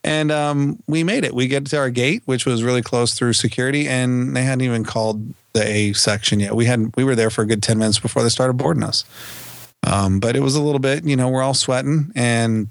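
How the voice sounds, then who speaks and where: A man's voice: medium pitch, fairly even intonation, fairly quick, gravelly, no echo. Guy co-hosting a podcast, laughs a lot, acts out his family's lines while telling a story, dry close sound. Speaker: podcast co-host. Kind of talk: casual storytelling.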